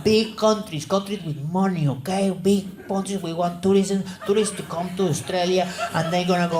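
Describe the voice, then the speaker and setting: A man from Venezuela, doing animated, profane stand-up comedy on a stage. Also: high-pitched, moderate pace, hardly any pauses, crowd noise.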